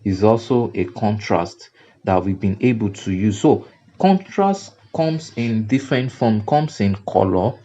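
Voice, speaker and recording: In this screen-recorded software tutorial, a male graphic design instructor with a Nigerian English accent talks in an animated but unhurried way, going back over his words for emphasis. He teaches repetitively and forcefully, with fillers and restarts, and his deep, mellow voice sounds dull and lo-fi on the recording.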